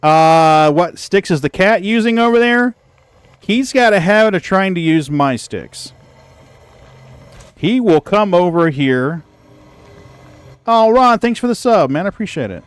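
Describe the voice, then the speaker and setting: A man casually chatting with his stream viewers, telling a story in an animated, profane way and laughing easily. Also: sits high, a little slow, pauses often, clear, resonant tone, dry recording. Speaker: gaming livestreamer.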